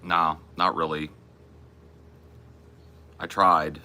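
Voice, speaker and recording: A man's voice: very deep voice, level tone, very slow, bright, forceful tone. A young man hosting a casual podcast, laid-back and profane, calling everyone dude and bro. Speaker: podcast host. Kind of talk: casual chat.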